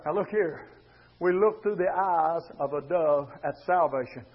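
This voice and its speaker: A man's voice: on the high side, a little slow. A man preaching a fervent, rhythmic sermon and calling out to his congregation. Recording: dull lo-fi sermon recording.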